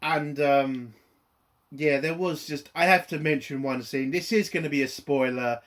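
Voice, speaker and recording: A man's voice: on the high side, measured pace, a bit bright. A man ranting in a profane, exasperated and rambling way while reviewing a TV episode.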